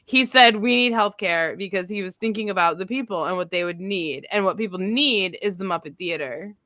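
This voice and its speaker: A woman with a cold chats in casual political banter, animated and quick to laugh and swear. Her voice is bright and forward, and the sound is dry and close, with little room around it. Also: lowish voice, no room sound. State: congested from a cold.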